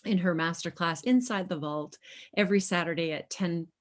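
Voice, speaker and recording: Effusive low-voiced woman host. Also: moderate pace. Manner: effusive, gushing praise. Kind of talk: talk show wrap-up.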